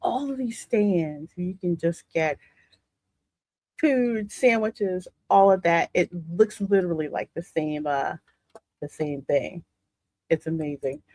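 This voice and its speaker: A woman with a Southern US accent hosting a casual reaction show, sassy and quick to laugh. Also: fairly low pitch, no room sound. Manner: sassy, animated, laughing often. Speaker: host reacting to videos.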